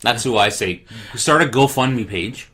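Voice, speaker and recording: A man's voice: mid-range voice, lively intonation, a little slow, a bit bright. A man co-hosting a podcast in casual chat, blunt, sarcastic and outspoken with his opinions. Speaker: podcast co-host.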